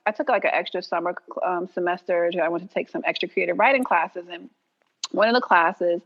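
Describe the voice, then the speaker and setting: A woman guest on a podcast, an animated storyteller who acts out what people said and laughs often. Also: lowish voice, brisk, muffled recording. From New York. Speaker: creator and writer, guest. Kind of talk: casual podcast interview.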